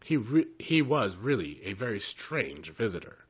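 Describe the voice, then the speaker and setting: Husky man reading a children's story. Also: lowish voice, sing-song, normal speed. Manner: gentle reading with small slips and restarts. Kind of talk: children's story read aloud. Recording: dull lo-fi recording.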